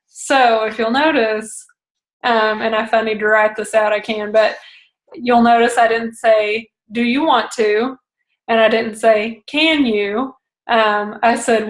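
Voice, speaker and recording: Young woman, slightly high voice, chatty coaching talk, echoey room. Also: steady tone, takes it slowly. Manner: chatty, acts out phone calls in quoted voices. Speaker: direct sales consultant coaching a team. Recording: roomy echo.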